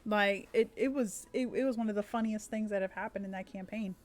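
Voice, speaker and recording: Woman game master, casual stream chat, rambling and full of fillers, mid-pitched. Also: brisk. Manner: chatty, rambling, with many fillers and restarts. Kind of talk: casual live-stream chat about tabletop rules.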